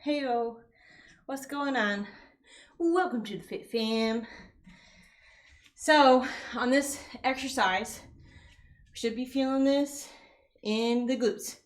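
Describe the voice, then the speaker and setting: A woman's voice: fairly high pitch, slow, long pauses, roomy sound. A woman leading a live workout class, counting reps and giving casual, encouraging form tips while out of breath. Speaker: fitness coach.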